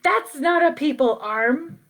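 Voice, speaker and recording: A woman's voice: high-pitched, animated, slow pace, a bit bright, voice pushed up, full character voice. A woman voicing a stubborn, clever little girl in a read-aloud picture book, speaking firmly.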